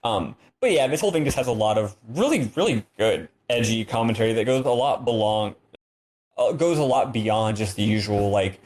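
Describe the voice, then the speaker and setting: A man's voice: on the low side, expressive, a little fast, a little mellow. A man co-hosting a casual podcast, explaining a game's plot in long, enthusiastic stretches. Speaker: podcast co-host. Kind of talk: casual chat.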